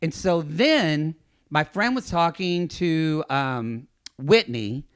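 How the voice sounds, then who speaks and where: A man hosts a podcast and tells a story in casual, chatty fashion. His voice sits a little high and swoops up and down, and he plays out everyone else's lines as he goes. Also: slow pace, smooth, dry recording, clean studio sound. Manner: animated anecdote-telling, acting out other people's lines. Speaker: podcast host.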